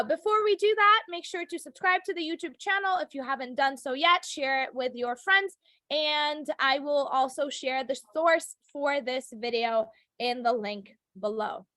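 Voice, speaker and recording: A woman teacher giving a chatty, upbeat English lesson to a live class, with fillers and quick self-corrections. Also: high voice, a bit bright, no echo. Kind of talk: classroom lecture recorded for video.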